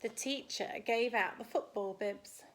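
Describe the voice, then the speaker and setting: A woman teacher reading a picture book aloud, slow and expressive, building up the counting. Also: fairly high pitch.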